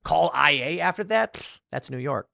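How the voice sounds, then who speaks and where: A man's voice: fairly high pitch, moderate pace, gravelly, no room sound. Sarcastic man on a dry studio mic. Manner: sarcastic, animated retelling with quoted voices. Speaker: podcast host. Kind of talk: commentary reading an article aloud.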